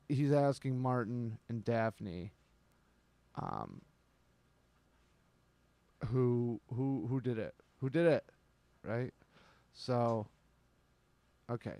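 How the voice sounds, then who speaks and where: A man's voice: mid-range voice, dark tone, dry recording. A man hosting a comedic show, rambling and sardonic, swearing often. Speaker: host. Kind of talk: casual comedic chat.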